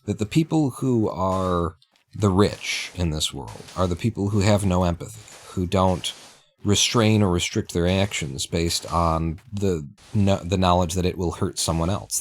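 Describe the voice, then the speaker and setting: Man, very low voice, livestreamer, casual gameplay chat, rambling, opinionated. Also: moderate pace, a little hiss or hum. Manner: rambling and opinionated, laughs at his own bits.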